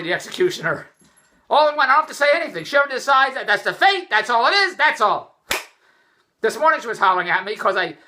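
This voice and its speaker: Fast-talking exasperated man ranting on his vlog. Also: a little high, bright, forceful tone, a little hiss or hum. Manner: exasperated, rambling storytelling with frequent restarts. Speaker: vlogger. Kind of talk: rambling personal vlog rant. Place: indoors, just came in from the rain.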